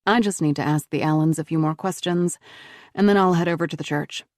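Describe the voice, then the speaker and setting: A woman reader voicing a female federal agent who speaks calmly and firmly. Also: low voice, no room sound, clean studio sound, natural voice. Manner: calm, measured, reassuring. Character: female federal agent, calm, patient and firm.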